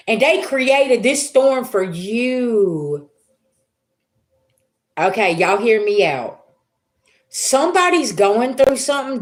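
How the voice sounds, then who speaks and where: A woman in her thirties, reading tarot on a livestream and telling casual stories with a lot of cussing and laughter, speaking straight to her chat. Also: fairly high pitch.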